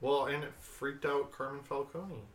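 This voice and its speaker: A man's voice: mid-range voice, fairly even intonation, normal speed. A man co-hosting a casual podcast chat, making wry, sweary asides in an echoey room. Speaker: podcast co-host.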